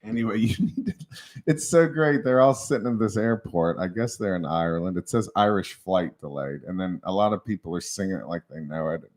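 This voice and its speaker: A man's voice: low-pitched, brisk, a little mellow. A man hosting a casual livestream, rambling and chatty and often laughing as he talks. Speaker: livestream host.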